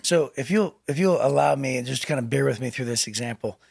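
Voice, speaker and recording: A man's voice: medium pitch, brisk, creaky, husky, dry recording. A man co-hosting a podcast, telling a personal story in casual chat with lots of laughs. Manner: storytelling, animated, laughs often. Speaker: podcast co-host.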